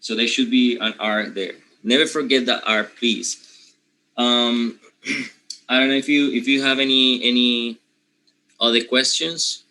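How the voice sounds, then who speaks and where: A man from Panama with a Panamanian accent, a native Spanish speaker teaching English pronunciation, who often clears his throat and keeps checking in with his students. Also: mid-range voice, steady tone, measured pace, bright, forceful tone, rough recording. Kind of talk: pronunciation lesson.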